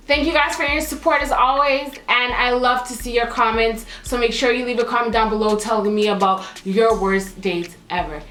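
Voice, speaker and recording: A young woman from Canada telling a storytime vlog in a sassy, animated, slangy way. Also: on the high side. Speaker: vlogger. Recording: echoey room.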